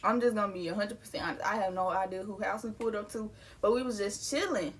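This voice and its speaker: A woman's voice: medium pitch, fast talker, breathy edge. A young adult woman telling a personal story in a casual, candid way, full of slang and swearing. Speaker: vlogger.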